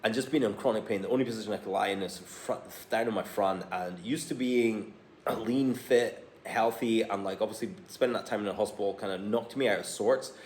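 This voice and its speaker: A man's voice: on the low side, brisk, a little mellow. A man in his forties, a personal trainer, talking candidly and bluntly to camera while reading from his phone, swearing casually. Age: 40s. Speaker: personal trainer and health coach. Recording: echoey room with faint ambient noise.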